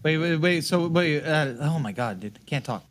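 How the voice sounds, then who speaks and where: A man's voice: fairly high pitch, animated, moderate pace. A man playing a tabletop game, speaking casually with fillers. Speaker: player.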